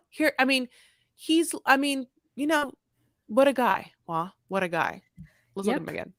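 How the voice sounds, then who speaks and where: A woman's voice: sits high, big pitch swings, normal speed, a bit bright, dry recording, studio quality. A woman co-hosting a podcast, recapping a reality show in casual chat and rambling on with lots of "like" and self-interruptions. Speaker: podcast co-host.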